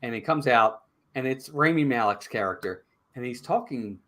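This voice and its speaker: A man co-hosting a casual live-stream movie review, retelling scenes in an animated way. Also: mid-range voice, normal speed.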